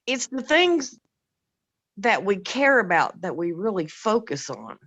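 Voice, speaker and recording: A woman co-hosting a casual podcast chat, animated and laughing often, with restarts as she thinks aloud. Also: mid-range voice, a little slow, dry recording, lo-fi sound. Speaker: podcast co-host.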